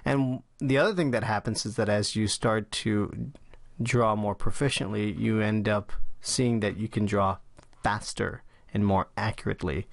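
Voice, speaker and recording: Casual low-voiced man hosting a drawing tutorial. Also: steady tone, normal speed, creaky, dry recording. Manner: casual and chatty, with frequent "uh" fillers. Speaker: drawing channel host. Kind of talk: tutorial talk while sketching.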